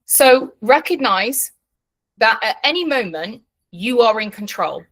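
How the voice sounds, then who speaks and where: Blunt lady coach, bright clear voice, swears a lot, keeps going "okay? yeah?". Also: on the high side, animated, a little slow. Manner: frank, blunt, swears freely, checks in often. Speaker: coach and teacher. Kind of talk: online class teaching.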